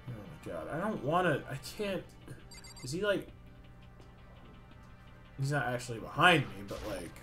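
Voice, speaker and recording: A young man playing a video game, reading the dialogue aloud and reacting with swearing and sudden loud outbursts. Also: mid-range voice. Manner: swears a lot, swings from mumbling to loud excited outbursts. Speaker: let's play gamer. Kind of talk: let's play commentary reading dialogue aloud.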